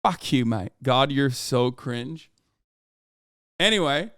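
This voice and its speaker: A man's voice: medium pitch, lively intonation, slow, a bit bright, dry recording, studio quality. A young man, a streamer, chatting casually on a live stream in a rambling, self-correcting way.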